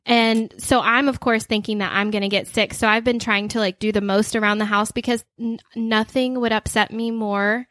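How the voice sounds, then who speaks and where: A woman's voice: a little high, fairly even intonation, normal speed, hardly any pauses, fairly bright tone, dry recording, clean studio sound. A woman in her thirties, co-hosting a podcast in casual chat, rambling with lots of fillers. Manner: chatty, rambling storyteller with many fillers. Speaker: podcast co-host.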